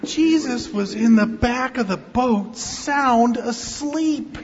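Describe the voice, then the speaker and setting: A pastor telling a children's sermon, animated and coaxing the children to join in, recorded in a church. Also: male voice, very high voice, slow pace. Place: church sanctuary. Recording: muffled sound in a long-echoing church hall.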